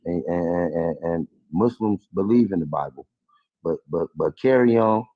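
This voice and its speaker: A man's voice: sits low, normal speed, phone-quality sound. A man calling into a debate panel, insistent and stammering over restarts. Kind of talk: casual debate.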